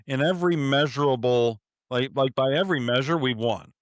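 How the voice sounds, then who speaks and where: A man's voice: medium pitch, brisk, dry recording, dull audio. A man hosts a casual political chat from a small home studio, his mid-range voice dry and close to the mic. He stumbles over his words, repeats himself, and chuckles between points. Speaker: podcast host.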